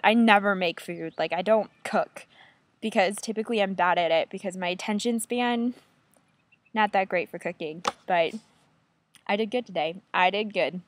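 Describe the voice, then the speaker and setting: A woman's voice: medium pitch, normal speed, no echo. A woman in her twenties talking casually to camera in a vlog, chatty and enthusiastic, often laughing. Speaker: book vlogger.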